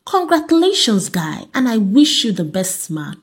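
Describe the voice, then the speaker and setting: A woman's voice: fairly high pitch, very animated, normal speed. A woman voicing a polite, cheerful young married man.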